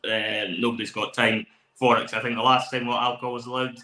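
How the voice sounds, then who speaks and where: A man's voice: medium pitch, flat delivery, fast talker, sharp tone. A man co-hosting a casual podcast, opinionated and full of ums and uhs. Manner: opinionated, hesitant with many fillers. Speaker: podcast co-host. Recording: echoey room.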